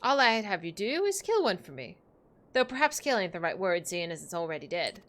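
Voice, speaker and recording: A woman's voice: on the low side, sing-song, a little fast, fairly bright tone. A woman reading as a sly old woman gang boss. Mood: silky menacing. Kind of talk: reading game dialogue aloud.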